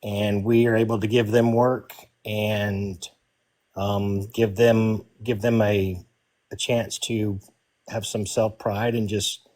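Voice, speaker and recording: A man's voice: on the low side, little pitch movement, slow, darkish tone. A man in his fifties with a mild Southern US accent, chatting easily as a guest on a family livestream, joking and self-deprecating. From New York, raised in the US South. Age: 50s. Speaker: guest father. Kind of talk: casual livestream chat.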